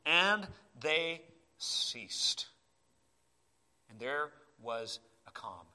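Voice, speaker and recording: A man preaching a sermon in a church, impassioned, swinging between urgent cries and quiet asides. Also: a little high, sing-song, very slow, smooth. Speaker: pastor.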